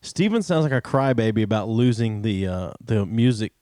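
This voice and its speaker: A man with a lowish voice chatting easily on a podcast. He hesitates often and laughs readily. The sound is close and dry. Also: expressive, normal speed, darkish tone, clean tone, dry recording. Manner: laid-back, easily amused, hesitant with many ums. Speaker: podcast co-host. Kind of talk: casual chat.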